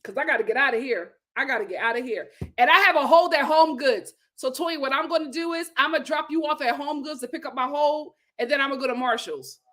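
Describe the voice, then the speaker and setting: A woman hosting a casual reality TV recap, talking in an animated, exclamatory way with lots of incredulous reactions. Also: high voice, fast talker, hardly any pauses. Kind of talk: casual chat.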